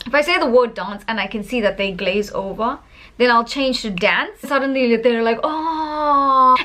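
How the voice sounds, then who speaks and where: South african woman ranting on her vlog, voice swings high and low, pretty lively. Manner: animated, emphatic and opinionated, with frequent laughs. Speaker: English teacher. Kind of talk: casual vlog monologue.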